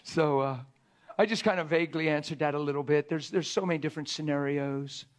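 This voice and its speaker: A pastor giving a conversational sermon, earnest and full of rhetorical questions, acting out little dialogues. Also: male voice, on the high side, quick pace. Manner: earnest, acts out dialogue between spouses.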